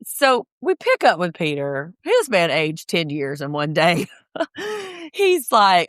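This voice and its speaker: A woman's voice: fairly low pitch, big pitch swings, a little slow, fairly bright tone, dry recording, clean studio sound. A woman co-hosting a podcast, ranting casually and with profanity as she recaps a reality show. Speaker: podcast co-host.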